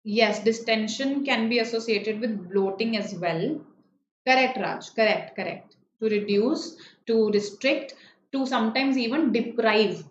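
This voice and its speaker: A woman's voice: on the high side, unhurried, reverberant, muffled recording, a little hiss or hum. A woman, teaching a live online vocabulary lesson, explaining words patiently and checking in with students often. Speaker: online exam-prep teacher.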